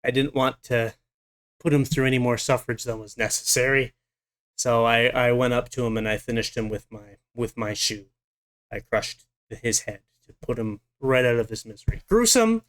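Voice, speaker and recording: A young man in his twenties telling a personal story to camera in a casual, animated and dramatic way. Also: mid-range voice, normal speed.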